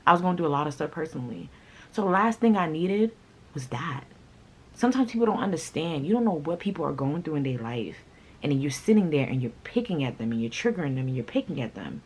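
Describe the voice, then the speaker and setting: A woman vlogger telling a personal story in a casual, blunt, animated way, swearing freely. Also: sits low, quick pace, slightly rough, low-quality recording.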